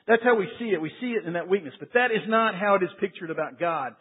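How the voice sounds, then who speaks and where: A husky, fairly high-voiced man preaching a sermon, earnest and emphatic, sinking to near-whispers before climbing back up. His voice rings with a long reverb through a large sanctuary. The sound is thin and phone-like. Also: animated, quick pace, hardly any pauses. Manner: earnest preaching, dropping to quiet emphasis then rising. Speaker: pastor.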